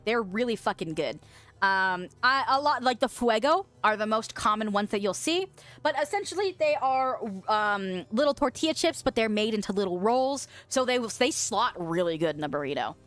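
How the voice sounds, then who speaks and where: A young woman from the western US chats loosely on a stream, reading out comments and cursing freely. Her voice sits a little high and swoops around with animated pitch. Soft music plays faintly underneath. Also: normal speed. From western United States. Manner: chatty, swears freely, laughs often. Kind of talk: casual chat reading viewer comments.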